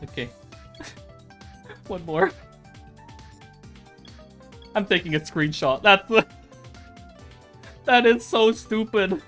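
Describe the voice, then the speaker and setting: A man's voice: high-pitched, lively intonation, very slow, long pauses, fairly bright tone, soft background music. A streamer, seemingly a man, giving casual commentary on a racing game, repeating phrases and breaking into fits of laughter.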